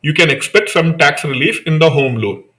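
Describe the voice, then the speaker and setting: A man's voice: fairly high pitch, lively intonation, moderate pace, bright, forceful tone. Man teaching with rhetorical questions. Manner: repetitive, rhetorical questions answered himself; addresses students by name. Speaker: online exam-prep teacher. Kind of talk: live online lecture.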